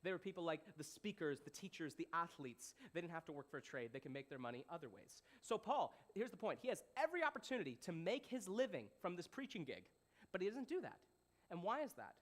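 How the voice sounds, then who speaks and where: Young male pastor, high voice, lively casual sermon delivery. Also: fast talker. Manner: animated, playful, asks the audience questions.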